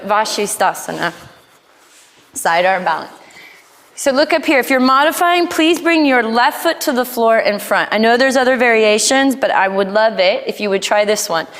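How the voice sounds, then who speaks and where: A woman teaching a live yoga class, cueing poses in a playful way with quick asides. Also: on the high side. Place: yoga studio. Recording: long hall reverb in studio.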